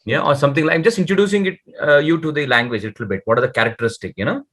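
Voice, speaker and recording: A man teaching a beginner Dutch lesson over a video call, patient, and sounding out words very slowly. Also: on the high side, fairly bright tone. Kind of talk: online one-to-one language lesson.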